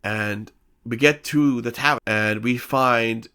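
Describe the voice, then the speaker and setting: A man's voice: medium pitch, slow, bright, forceful tone, clean tone. A man casually recapping a tabletop role-playing session, rambling with frequent restarts and playful sound effects. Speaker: player recapping a tabletop campaign.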